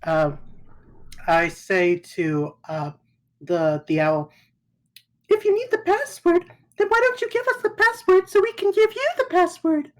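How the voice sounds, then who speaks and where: Woman, tabletop player, eager, theatrical, lively pitch. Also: unhurried, low-quality recording. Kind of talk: in-character tabletop play.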